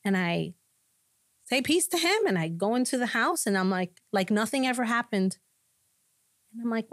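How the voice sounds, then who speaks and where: A woman pastor sharing a personal testimony in a podcast conversation, telling it with animated storytelling. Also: mid-range voice, normal speed, pauses often, no room sound, clean studio sound. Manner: animated storytelling, acting out quoted voices.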